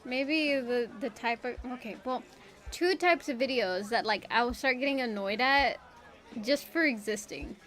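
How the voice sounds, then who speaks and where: A young woman streamer rambles and gripes in a bright, higher voice, poking fun at herself and swearing now and then. Faint music plays quietly under her voice. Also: normal speed. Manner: rambling, self-mocking, swears, mimics voices. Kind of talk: casual chat while drawing.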